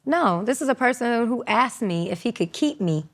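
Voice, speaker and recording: A woman in her thirties telling her own story as an interview guest, animated, acting out quotes in raised voices. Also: on the high side, moderate pace.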